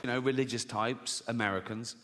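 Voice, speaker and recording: Sardonic and swearing freely, a middle-aged English stand-up comedian mimics other people's voices through his stories. His medium-pitched delivery is fairly quick with fairly even intonation, and the recording carries faint background noise and live audience laughter.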